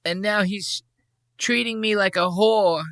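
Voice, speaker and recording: A man voicing a lonely, self-pitying elderly mother in a high quavering falsetto, complaining plaintively. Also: fairly even intonation, unhurried, fairly bright tone, dry recording. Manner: whiny, plaintive. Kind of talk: mocking impression in casual podcast commentary.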